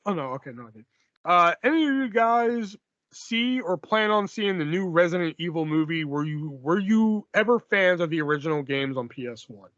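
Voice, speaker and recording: Man, high voice, casual podcast host, swears a lot, dry dull lo-fi recording. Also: lively intonation, moderate pace, a bit bright, no room sound. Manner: casual, swears freely, reads listener questions.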